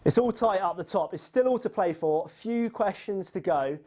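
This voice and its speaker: Mellow-voiced quiz host. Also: medium pitch, expressive, normal speed. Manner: chatty, teasing, upbeat. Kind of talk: live online quiz hosting.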